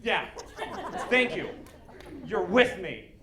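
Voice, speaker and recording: A man doing a stand-up comedy set on stage, animated and breaking into shouted punchlines. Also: high-pitched, slow. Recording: live show with audience laughter. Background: crowd laughing.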